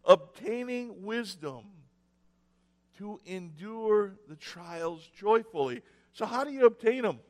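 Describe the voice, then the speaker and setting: A man preaching a sermon, telling stories with sarcastic mock cheer and dramatic pauses. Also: sits high, lively intonation, in a large hall. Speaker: pastor. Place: church sanctuary.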